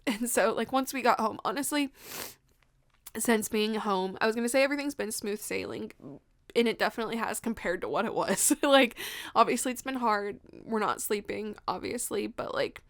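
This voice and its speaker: Tearful young woman, high voice. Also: moderate pace. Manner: tearful, laughing through tears, fills talk with "like". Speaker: podcast host telling her birth story. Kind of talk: emotional personal storytelling.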